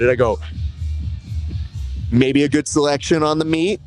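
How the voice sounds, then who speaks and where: A man's voice: on the high side, steady tone, brisk, long pauses, darkish tone. Man from socal doing a joking, slangy interview, raised voice, faint music in the back. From Southern California. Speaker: interviewer, executive producer. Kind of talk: casual interview banter.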